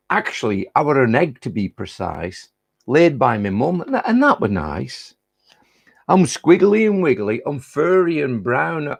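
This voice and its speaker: A man's voice: medium pitch, creaky, darkish tone, no room sound, voice pushed up, heavily acted. A man putting on a cheeky Lancashire butterfly. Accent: Lancashire, put on. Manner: chatty and boastful, broad northern dialect words. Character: cheeky boastful male caterpillar-turned-butterfly. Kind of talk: reciting a comic poem in character.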